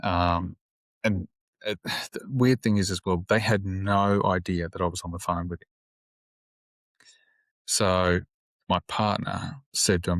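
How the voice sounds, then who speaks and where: Cop guy on a podcast, real deep voice, pretty monotone, blunt and swears a lot, dry close mic. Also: unhurried, pauses often, no echo. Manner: plain-spoken, sombre, swears freely. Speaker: police officer guest. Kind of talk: casual interview storytelling.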